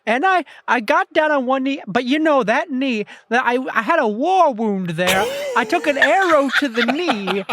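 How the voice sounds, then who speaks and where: A woman's voice: high-pitched, expressive, normal speed, few pauses, a bit bright, a little hiss or hum. A woman voicing a rambling, long-winded old male halfling father in a tabletop game. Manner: doddering, long-winded storytelling.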